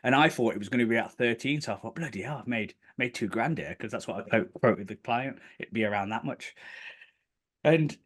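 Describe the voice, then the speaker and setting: A man, a guest on a podcast, tells his story in a relaxed, chatty way. He is animated and often jumps up in pitch to act out what people said. His voice sits at a middle pitch. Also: brisk, slightly rough. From United Kingdom. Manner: animated, acts out quotes in bursts of higher pitch. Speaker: podcast guest, property developer. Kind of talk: casual storytelling interview.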